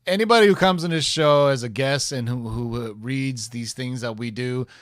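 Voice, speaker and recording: A man's voice: medium pitch, normal speed, no echo. Podcast host dude rambling casually, lots of you know and man, dry mic. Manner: rambling, with many fillers. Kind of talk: casual chat.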